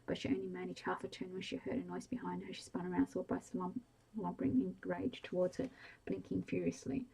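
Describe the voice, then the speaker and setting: Lady whispering a bedtime story real slow and hushed, kinda low and flat. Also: vocal fry, slightly rough, poor audio. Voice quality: soft whispery delivery. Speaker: audiobook reader.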